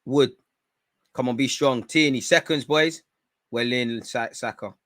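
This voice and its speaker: Male watchalong host, edgy bright tone, dry close sound, excitable, barks at players and the ref. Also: mid-range voice, a little slow, no room sound. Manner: excitable, swears, shouts at players and referee; talks while eating. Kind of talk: live match reaction commentary.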